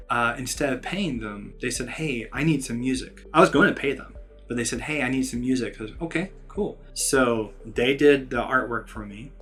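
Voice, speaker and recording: A man's voice: mid-range voice, fairly bright tone. A man in his forties hosting a vlog, giving earnest, emphatic career advice to camera and sometimes correcting himself mid-sentence. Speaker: vlog host, composer. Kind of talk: casual advice talk to camera.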